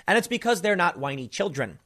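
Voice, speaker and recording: A man with a somewhat high voice gives a loose, off-the-cuff political commentary. He rambles and restarts his sentences often, speaking straight to his audience. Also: big pitch swings, fairly quick, bright, forceful tone. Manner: rambling, frequent restarts and fillers. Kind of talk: casual opinion monologue.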